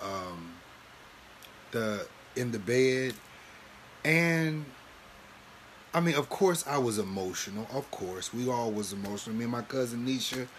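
A man hosting a live stream, chatting and preaching to viewers in an animated way, laughing often and calling listeners baby and honey. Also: medium pitch, slight background noise. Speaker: livestream host and minister.

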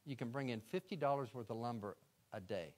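A man's voice: medium pitch, a little fast, darkish tone. A middle-aged man, a guest speaker, telling a story in a sermon and acting out his own prayers.

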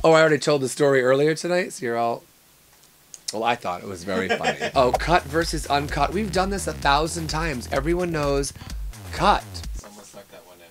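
A man's voice: fairly high pitch, expressive, music in the background. A man hosting a comic show, talking in a campy, sarcastic way and stretching out words for effect. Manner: campy, sarcastic, theatrical drawn-out emphasis. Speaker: host. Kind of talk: comic monologue.

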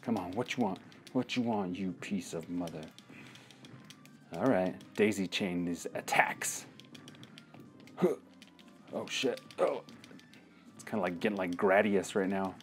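A man with a very low voice talks slowly and loosely while he plays a retro video game, trash-talking the enemies and cursing at his mistakes. Faint game music plays under him. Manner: trash-talking, swearing, jokey outbursts at the game. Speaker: podcast co-host playing a video game. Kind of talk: casual let's-play commentary.

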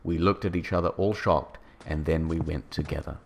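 A man hosting and narrating a comedic dramatic reading, deadpan with sarcastic swoops. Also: rumbling low, normal speed, gravelly, slight background noise. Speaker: narrator and host. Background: music.

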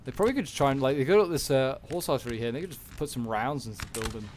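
A man talks through a replay of a strategy game battle in a loose, unscripted way. He hesitates often, corrects himself mid-sentence, and fills gaps with ums and likes. His voice sits at an ordinary middle pitch for a man. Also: racing, background noise. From Britain. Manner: rambling, hesitant, many fillers and self-corrections. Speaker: gaming channel host. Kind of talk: casual gameplay commentary.

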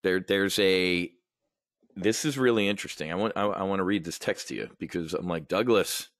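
Man, show host, low voice, dry close sound, rambling, profane, casual commentary. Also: fairly quick, a bit bright, dry recording. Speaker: options trading show host. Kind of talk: casual market and news commentary.

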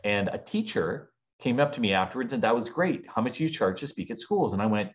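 Man in his forties, podcast guest, animated storytelling, mid-pitched voice, dull lo-fi sound. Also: brisk. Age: 40s. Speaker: guest speaker. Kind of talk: storytelling interview. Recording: dull lo-fi audio.

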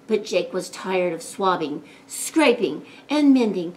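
A woman librarian reading a picture book aloud at storytime, playful and animated, putting on voices for the characters. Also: fairly low pitch, slow. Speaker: children's librarian.

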